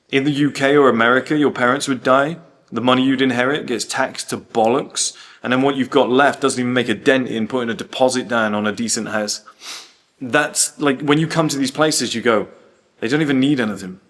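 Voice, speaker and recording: A young man talking in a casual vlog, animated and swearing, telling travel stories with quoted asides. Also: mid-range voice. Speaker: host.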